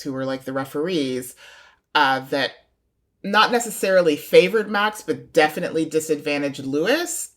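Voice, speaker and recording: A woman podcast guest chatting casually, opinionated and speculative, laughing now and then as she explains. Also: low-pitched. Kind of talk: casual chat.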